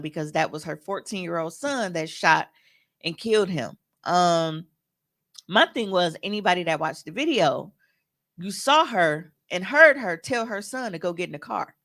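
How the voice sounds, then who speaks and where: A woman's voice: on the low side, lively intonation, measured pace, a bit bright. A woman co-hosting a podcast in casual chat, talking bluntly and heatedly and swearing freely. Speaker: podcast co-host.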